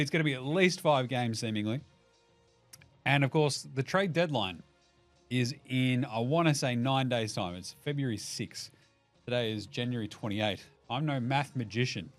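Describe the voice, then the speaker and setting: A man's voice: medium pitch, fairly bright tone. A man in his thirties with an Australian accent, hosting a casual sports podcast, rambling and swearing as he jokes and puts on silly voices for quotes. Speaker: podcast host.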